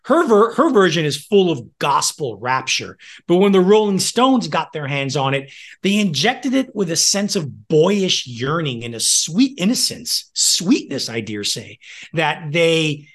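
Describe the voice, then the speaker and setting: A man's voice: fairly high pitch, big pitch swings, measured pace, a bit bright. A man co-hosting a music history podcast, reading prepared notes with casual asides and the odd laugh. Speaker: podcast co-host.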